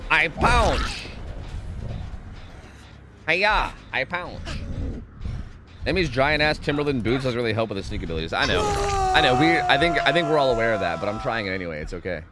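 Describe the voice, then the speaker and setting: A man streaming a game, chatting casually, swearing and yelling at the screen between stretches of humming. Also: mid-range voice, rapid-fire, noisy background. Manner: swearing, animated, yells at the screen, hums to himself. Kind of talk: casual gameplay commentary. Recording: game music behind the voice. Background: game music.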